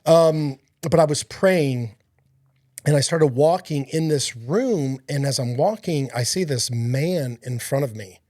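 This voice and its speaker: A man's voice: fairly high pitch, a little slow, darkish tone, dry recording, studio quality. A man speaking as a podcast guest, giving an earnest, rambling personal faith testimony with many fillers and restarts.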